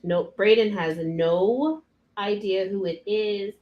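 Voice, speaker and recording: A woman's voice: medium pitch, slow, roomy sound, highs cut off. A young woman cake decorator chatting on a live stream, ranting animatedly and cursing freely. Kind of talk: casual live stream chat.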